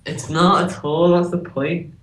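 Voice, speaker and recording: A man's voice: high voice, little pitch movement, unhurried, fairly bright tone, distant mic, slight background noise. A man chatting casually as a guest, with many fillers. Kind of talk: casual chat. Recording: echoey room, off-mic.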